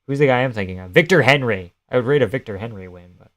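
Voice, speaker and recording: A man's voice: mid-range voice, lively intonation, fast talker, fairly bright tone. A young man on a casual live stream, chatting loosely and swearing while he reacts to fights and answers his chat.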